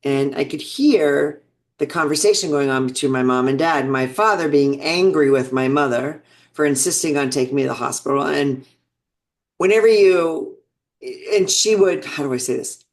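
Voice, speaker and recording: A woman's voice: low-pitched, normal speed. A woman in her sixties, an interview guest telling personal stories in a reflective, earnest way, often restarting sentences. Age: 60s. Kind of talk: personal storytelling.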